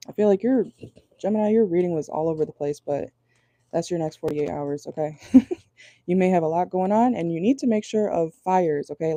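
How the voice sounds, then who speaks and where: Woman tarot reader, casual and blunt, low dark voice, dry close sound. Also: no room sound. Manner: chatty, laughs often, blunt and crude. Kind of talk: casual channeled tarot reading.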